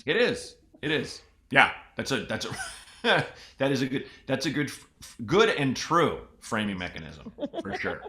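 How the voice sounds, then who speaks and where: A man hosting a casual comedy podcast, his voice swinging widely in pitch and sounding bright and forward. He rambles through restarts and slips into mocking voices now and then. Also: sing-song, moderate pace.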